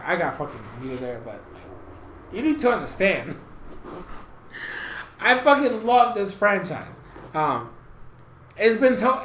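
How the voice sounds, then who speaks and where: A man's voice: sits high, pushed and bright, roomy sound, slight background noise, poor audio. A man giving a casual, rambling game review, swearing constantly and getting heated, with bursts of laughter.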